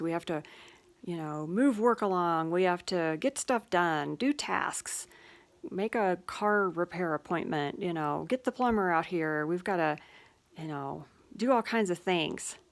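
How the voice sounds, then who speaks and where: A woman hosting her own channel, giving a gentle, reflective spiritual talk with many fillers and pauses. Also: fairly low pitch. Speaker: channel host.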